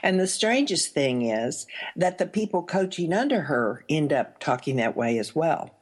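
A woman with a Texas accent hosts a radio talk show in a low, husky voice. She chats easily, laughing and affirming her guest, with lively swings in pitch. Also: normal speed. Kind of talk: radio interview.

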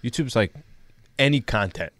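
A man's voice: mid-range voice, expressive, moderate pace, fairly bright tone. A male radio co-host in studio banter, tossing in wry joking asides. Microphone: studio mic.

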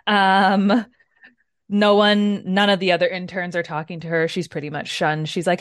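A woman co-hosting a casual book club podcast, recapping chapters in an animated way and swearing freely. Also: on the low side, normal speed, no room sound, studio quality. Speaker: podcast co-host.

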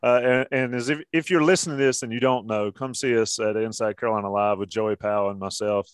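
A man's voice: fairly low pitch, fairly even intonation, quick pace, clean tone, no echo, clean studio sound. A man hosting a casual sports talk show, joking and steering the conversation. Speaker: podcast host.

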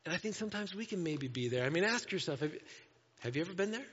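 A man preaching a sermon to a congregation, animated, often acting out voices in quotes. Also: high voice, fast, husky. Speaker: pastor. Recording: dull sound with long hall reverb.

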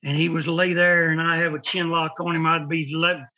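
A man's voice: on the high side, little pitch movement, normal speed, sharp tone, muffled recording. A man telling rambling stories in casual chat, acting out voices and sound effects. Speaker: wrestling podcast host telling stories.

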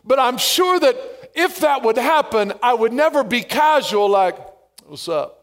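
A male pastor preaching a sermon, stressing phrases by slowing down and adding playful asides. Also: extremely high pitch, animated, fairly bright tone.

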